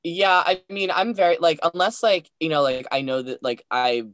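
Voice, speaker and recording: A man's voice: fairly high pitch, normal speed, a bit bright, no room sound, clean studio sound. A man co-hosting a podcast in casual chat, hesitant and rambling, full of hedges. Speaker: podcast co-host.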